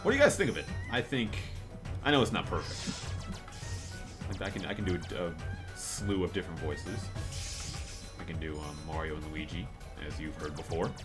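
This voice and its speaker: A man rambles through casual gameplay commentary, swearing freely and tripping over fillers. His voice sits on the low side but swings around with lively pitch. Loud game music plays under him throughout. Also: moderate pace, pauses often. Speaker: let's play commentator.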